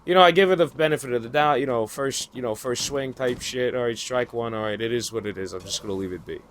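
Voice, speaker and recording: A man new to a data entry office job vents in a casual monologue, speaking fast in a mid-range, fairly bright voice. He rambles in frustration, swears often, and keeps restarting his sentences, with a little hiss or hum on the recording.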